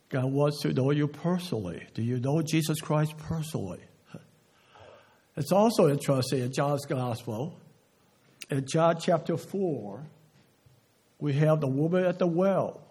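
Guy preaching real slow, kinda husky, asks the crowd questions and goes quiet on the big words. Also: a little high. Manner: slow, emphatic delivery, drops to a hush on key words; asks the audience rhetorical questions. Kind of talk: sermon.

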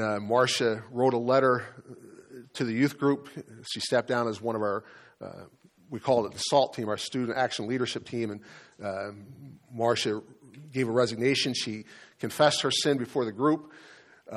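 A man preaching a sermon as pastor, telling a personal story in an earnest, halting way with frequent restarts. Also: medium pitch. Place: church.

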